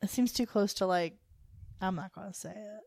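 A woman co-hosting a casual podcast, reacting with laughs and quick comments as her friend recaps an episode. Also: mid-range voice, darkish tone, no room sound, clean studio sound. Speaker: podcast co-host. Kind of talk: casual chat.

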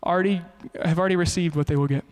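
A male pastor preaching a sermon in an animated way, often slipping into quoted voices. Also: fairly high pitch, very fast, in a large hall.

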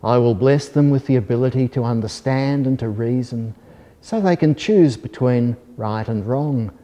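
A man voicing a calm, kindly God. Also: mid-range voice, normal speed, natural voice. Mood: reassuring. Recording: long hall reverb.

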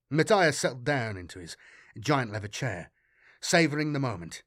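A man reading a science fiction audiobook in a measured, dramatic way. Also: mid-range voice, big pitch swings, a bit bright, no room sound, clean studio sound. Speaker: audiobook narrator. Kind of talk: scripted narration of science fiction.

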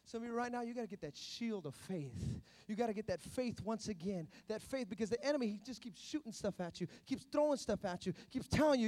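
Man, preacher, sermon, very high pitch, animated delivery. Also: fast, few pauses. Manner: animated, swings between hushed and loud preaching.

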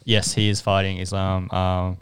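A man co-hosting a casual sports podcast, measured as he reads out details. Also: sits low, monotone, smooth. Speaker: podcast co-host looking up facts.

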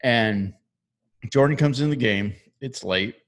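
A man's voice: mid-range voice, slow. A man co-hosting a podcast, telling rambling stories and laughing often in casual chat. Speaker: co-host.

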